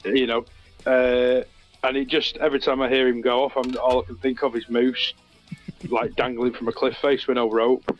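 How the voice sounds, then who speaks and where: A man's voice: medium pitch, flat delivery, moderate pace, dull audio, faint music behind. A man, co-hosting in a casual chat, joking and telling rambling anecdotes. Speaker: co-host.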